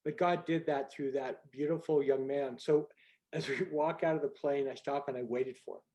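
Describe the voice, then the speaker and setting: An older man telling a personal story on a group video call in an earnest, conversational way, going soft at the moving parts. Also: mid-range voice, fairly even intonation, normal speed. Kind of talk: storytelling talk.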